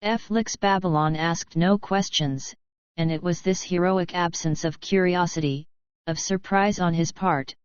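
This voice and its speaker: A woman narrating an audiobook in an even, steady reading. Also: on the low side, unhurried, clean tone, no echo, dull audio.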